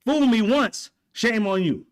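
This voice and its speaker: Male host, heated profane rant, voice sits a bit high, repeats himself for emphasis. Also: animated, slow pace. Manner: profane, fired up, repetitive. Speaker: commentary channel host.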